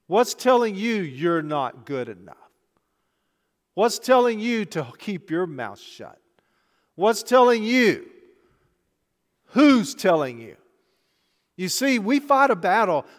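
A man preaching in a church, his voice fairly high for a man. He questions the congregation directly and breaks the tension with small jokes. A long reverb trails behind every phrase. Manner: conversational preaching, rhetorical questions, light joking. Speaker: pastor. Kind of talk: sermon.

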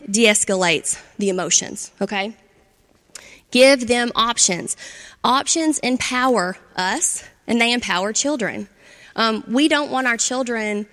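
A woman with a fairly high voice gives an instructional talk on parenting to adults. She talks conversationally and often checks in with her listeners. The sound carries a long reverb, like a big hall. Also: fairly bright tone. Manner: conversational, checks in with "right?" and "okay?".

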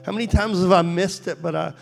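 A man's voice: high-pitched, quick pace, creaky, faint music behind. A man preaching a sermon at a church service, telling a story and then pleading fervently with his listeners.

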